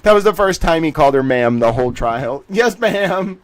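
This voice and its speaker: A man's voice: mid-range voice, lively intonation, fast. A man hosting a livestream, reading a court transcript aloud and breaking off with amused, laughing commentary. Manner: laughs often and reacts with amused disbelief. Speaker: livestream host.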